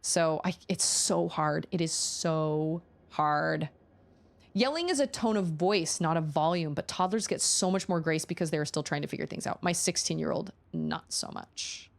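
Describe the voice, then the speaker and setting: Low, gravelly-voiced woman streamer. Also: moderate pace. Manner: chatty storyteller acting out quotes. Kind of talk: casual chat with viewers.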